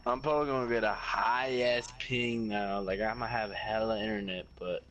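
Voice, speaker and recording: A man's voice: lowish voice, steady tone, normal speed, fairly bright tone, slight background noise. A young man in casual voice chat while gaming, laid-back and complaining about his connection. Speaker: gamer.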